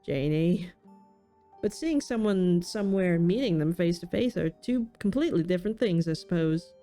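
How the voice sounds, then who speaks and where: A woman's voice: on the low side, expressive, normal speed, mellow, soft background music, natural voice. Woman doing a chatty folksy cleaning lady.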